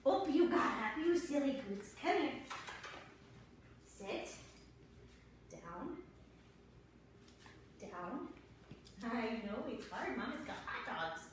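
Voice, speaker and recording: Quiet, coaxing woman training a dog. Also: fairly high pitch, recorded from a distance, a little hiss or hum. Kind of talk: giving soft commands to a dog. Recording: echoey room, away from the mic.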